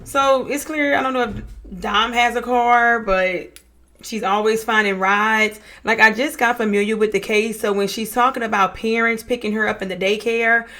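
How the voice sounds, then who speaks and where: A woman's voice: fairly high pitch, steady tone, moderate pace, sharp tone. A young woman giving casual reaction commentary, reading text messages aloud and adding sassy asides, often calling people baby and honey. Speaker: true-crime reaction vlogger.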